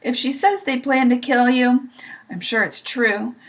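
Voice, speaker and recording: A woman voicing a calm, wise female spider who speaks briskly and firmly. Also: on the high side.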